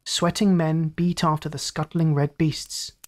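A storyteller host reads a classic tale in calm, inviting scripted narration. The voice sits at a middle pitch and moves steadily through the prose. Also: unhurried.

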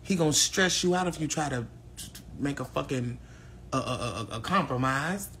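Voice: medium pitch, expressive, normal speed, a bit bright, slight background noise. A livestream host in their twenties from St. Louis, chatting in a brash, crude, teasing way. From St. Louis, USA. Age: 20s. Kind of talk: casual live-stream chat.

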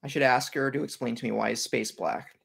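A man's voice: medium pitch, steady tone, fairly quick, gravelly, a bit bright, husky. A man co-hosting a podcast, trading dry jokes in casual chat. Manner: dry joking banter. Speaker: podcast co-host.

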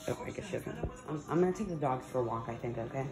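A woman's voice: low voice, expressive, racing, music in the background, rough recording. A woman vlogging casually, chatting and coaxing her dogs at home and then out on a walk. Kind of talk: casual vlog chat.

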